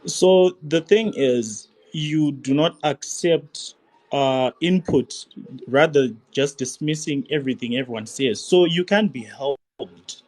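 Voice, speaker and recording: A man calling in to a livestream debate, explaining his point in a halting, hesitant way with restarts. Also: on the high side, a little mellow. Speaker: caller.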